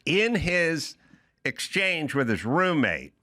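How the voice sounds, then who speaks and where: A man's voice: on the high side, big pitch swings, slow, sharp tone, dry recording, studio quality. A man hosting a podcast, ranting in a sardonic, opinionated way and acting out other people's voices. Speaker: podcast host. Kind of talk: casual opinionated monologue.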